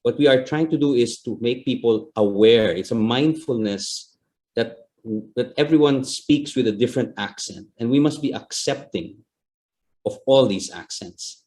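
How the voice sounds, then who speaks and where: A man's voice: mid-range voice, moderate pace, darkish tone. A man hosting an interview, conversational, who gives short affirming murmurs while his guest talks. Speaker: host, diplomat. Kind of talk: interview questions.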